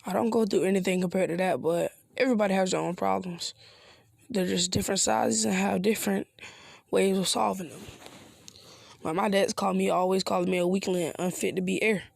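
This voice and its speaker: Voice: medium pitch, steady tone, fairly quick, vocal fry, no echo, clean studio sound. A narrator voicing a shy, timid girl ninja with a hesitant, stammering manner.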